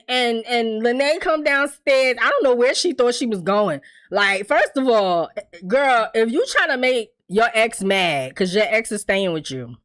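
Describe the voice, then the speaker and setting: A woman casually recapping a TV episode, profane and laughing often, acting out characters' lines in quick impressions. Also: on the high side, fairly bright tone. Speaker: TV recap host.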